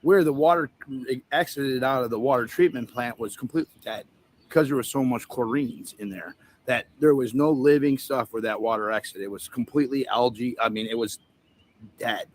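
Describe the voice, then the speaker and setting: A man's voice: mid-range voice, moderate pace. Profane, rambling male livestream host. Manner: profane, rambling storyteller who laughs at his own jokes. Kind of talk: casual rambling chat. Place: outdoor event setup with a tent.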